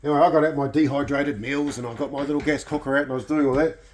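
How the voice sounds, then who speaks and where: A man's voice: fairly high pitch, very fast. A man with a New Zealand accent telling funny stories to a friend, swearing freely as he goes. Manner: animated yarn-spinner, swears freely. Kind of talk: casual storytelling.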